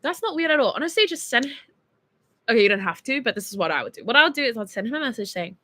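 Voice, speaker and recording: A woman's voice: fairly high pitch, sing-song, racing, bright, forceful tone, no echo. A young Australian woman in her early twenties, chatting casually and giggling as she reads viewer texts on a stream. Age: 20s. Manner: chatty and giggly, lots of fillers. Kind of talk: casual chat.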